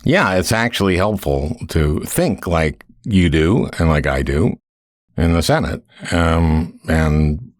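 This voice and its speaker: A man with a very low voice hosts a relaxed interview, dry and wry in his delivery. He stops and restarts his sentences often. The sound is close and dry, with no room around it. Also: slow pace, dry recording. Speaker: podcast host. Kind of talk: casual interview chat.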